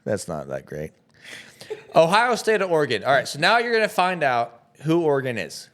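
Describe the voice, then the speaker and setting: Profane, excitable young man talking sports. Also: a little high, moderate pace. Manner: profane, excitable, laughs often. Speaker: podcast co-host. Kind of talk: casual sports chat.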